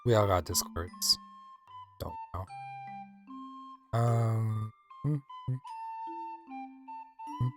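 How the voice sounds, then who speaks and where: A man's voice: fairly low pitch, expressive, extremely slow, pauses often, over music. A man from the American South, chatting casually with his chat while livestreaming a game. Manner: chatty, rambling, playful.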